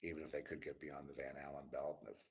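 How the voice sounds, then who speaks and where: Weary low-voiced man musing aloud. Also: steady tone, quick pace, slight background noise. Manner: meandering, musing, drops into low mutters and whispers; weary, exasperated. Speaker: channel host. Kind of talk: rambling spiritual and political monologue.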